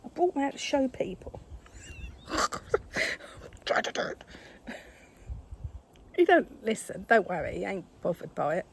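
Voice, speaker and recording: A woman's voice: medium pitch, slight background noise. Chatty older woman vlogging. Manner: chatty, exasperated, scolds her cat. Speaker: craft vlogger. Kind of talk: casual chat to camera. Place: home craft table.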